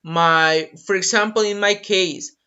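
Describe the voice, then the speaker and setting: Native Spanish-speaking English teacher for a live online class: unhurried, clear and bright, repeats every word, muffled stream audio. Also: mid-range voice, steady tone. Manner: slow, drills words, repeats phrases and mixes in Spanish translations. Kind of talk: live online language lesson. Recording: dull lo-fi webinar audio.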